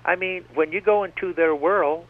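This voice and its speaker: A man's voice: high voice, moderate pace. A man speaking as a radio guest, rambling and digressive, often circling back with "like I said.". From United States. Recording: tinny phone-line radio broadcast.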